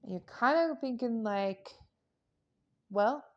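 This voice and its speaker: Playful woman rambling thru a tarot reading, mid pitch, kinda dull lo-fi sound. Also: a little slow. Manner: chatty, playful, rambling, with silly sound effects. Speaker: tarot reader. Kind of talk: casual tarot reading to camera.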